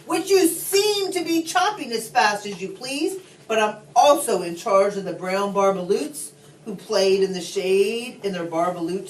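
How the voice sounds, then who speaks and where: A woman voicing a grumpy little male forest creature who scolds in slow rhyme, recorded from a distance in a roomy space. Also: on the high side, slight background noise. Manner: scolding, slow, rhyming speech.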